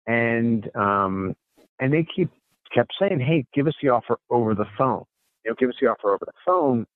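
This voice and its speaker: A real estate investor appears as a guest, telling a deal story conversationally in a mid-range voice. He quotes the people involved in short snippets and restarts his sentences often, and the sound is narrow and phone-like, with a dry recording.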